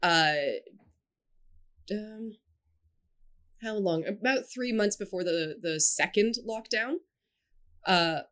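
A woman's voice: mid-range voice, slow, long pauses, a bit bright. A woman chatting casually as a podcast guest, giggling often and rambling with plenty of fillers. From Scotland and China. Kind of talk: casual chat.

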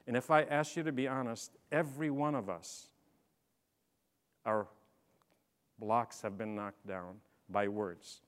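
A middle-aged man giving a motivational leadership talk, telling stories and swinging from quiet asides to loud, emphatic bursts. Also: medium pitch, fairly even intonation, slow, pauses often. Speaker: speaker. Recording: long hall reverb.

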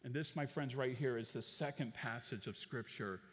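A man preaching a sermon in a church, animated and asking the congregation rhetorical questions. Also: medium pitch, normal speed, slight background noise. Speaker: pastor. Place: church auditorium. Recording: long church hall reverb.

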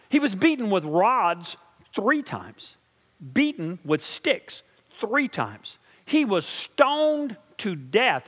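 A middle-aged male pastor preaching a sermon, asking his congregation questions and swinging from quiet, slow intensity to loud, emphatic build-ups. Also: high voice, in a large hall. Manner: preaching with call-and-response asides to the congregation.

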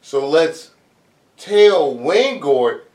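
A man in casual chat about a movie, agreeing often with short quick replies. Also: on the high side, animated, a little mellow, reverberant, far from the mic. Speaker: podcast co-host discussing a movie.

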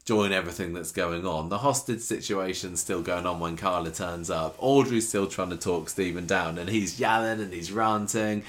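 A man's voice: sits low, normal speed, hardly any pauses. A British man co-hosting a podcast, chatting casually and jokily as he retells soap scenes. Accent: British English. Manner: chatty, jokey, retells scenes with quoted voices. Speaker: podcast co-host. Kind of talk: casual recap chat.

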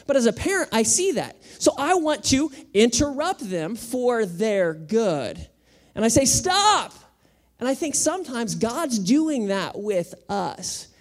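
A man's voice: very high voice, gravelly. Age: 30s. Sex: man. Role: pastor preaching a conversational sermon. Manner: conversational, anecdotal, relaxed storytelling.

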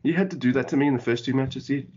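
A man co-hosting a podcast in casual chat, animated and joking, sometimes humming a tune. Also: mid-range voice, very fast, slightly rough. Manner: animated, joking, breaks into sung hums. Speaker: podcast co-host. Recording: dull lo-fi sound.

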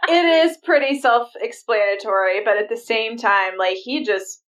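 A woman's voice: fairly high pitch, moderate pace, distant mic. A woman co-hosting a podcast, chatting casually and giggling often. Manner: giggly, relaxed commentary. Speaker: podcast co-host. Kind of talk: casual chat.

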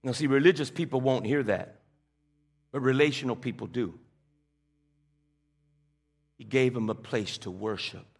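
A man's voice: medium pitch, a little slow, gravelly, long pauses, breathy edge. A man preaching a sermon, calling on the congregation to repeat lines and restarting his phrases as he builds a point. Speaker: pastor.

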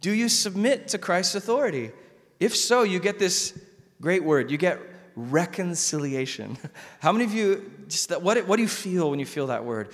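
Animated preaching man in echoing hall. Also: sits high, normal speed. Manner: conversational, animated preaching with repetitions. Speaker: pastor. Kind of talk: sermon. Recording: long hall reverb.

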